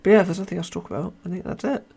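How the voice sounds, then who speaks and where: Young british guy, podcast host, rambling, tired and worn voice, a touch high-pitched. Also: fairly even intonation, very fast, creaky, warm tone, breathy edge. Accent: British English. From Britain. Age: young adult. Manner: rambling, self-mocking, reads chat aloud. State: tired, voice wearing thin. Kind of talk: casual live podcast chat.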